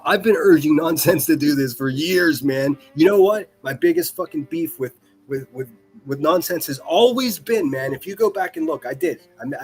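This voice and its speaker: A man hosting a livestream, ranting in a profane, mocking and rambling way, often repeating himself. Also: medium pitch. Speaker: livestream commentary host.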